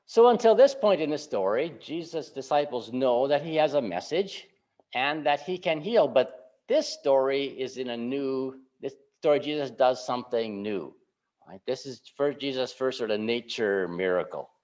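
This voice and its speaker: A male pastor giving a relaxed, conversational sermon, often checking in with the congregation by asking "right?". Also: medium pitch, moderate pace. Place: church sanctuary. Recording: slightly muffled church recording.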